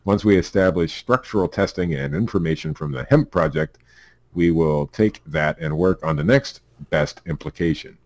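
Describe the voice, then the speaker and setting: A man with a very low voice and a Pennsylvania accent reads news stories aloud on a casual podcast. He trips over words, laughs and drops wry asides as he goes. The sound is dry and close, with no room around it. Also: animated, normal speed, vocal fry, a little mellow, no room sound. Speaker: podcast co-host reading news.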